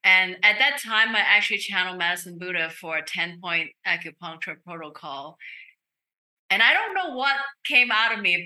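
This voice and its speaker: A woman speaking as a podcast guest, a medical intuitive telling an earnest, animated story. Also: lowish voice. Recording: roomy echo.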